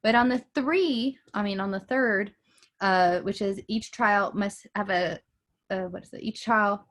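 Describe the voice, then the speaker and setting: A woman's voice: medium pitch, measured pace, fairly bright tone. A woman math teacher recording a lesson from her bedroom, casual and thinking aloud with frequent ums.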